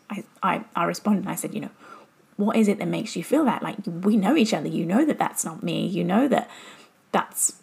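A woman's voice: lowish voice, creaky, darkish tone, husky. A woman who works as a business mentor gives an earnest, reflective motivational talk and repeats phrases for emphasis. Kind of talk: motivational self-help talk.

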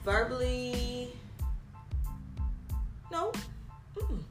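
Playful, lively higher-voiced woman. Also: extremely slow, echoey room, over music. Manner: laughing, playful, candid. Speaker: podcast co-host. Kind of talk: casual chat.

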